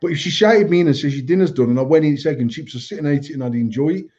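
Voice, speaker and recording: A man's voice: fairly high pitch, rapid-fire, dull audio. A man with an English accent, chatting casually as a podcast host, telling stories full of swearing and quoted dialogue. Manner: swearing, storytelling, animated quoting. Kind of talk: casual banter.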